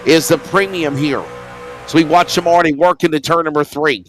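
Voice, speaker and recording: A man's voice: fairly high pitch, a little fast, faint music behind. A man calling a sim race as play-by-play commentator, sounding stuffy while recovering from illness. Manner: energetic, builds to loud race-start calls.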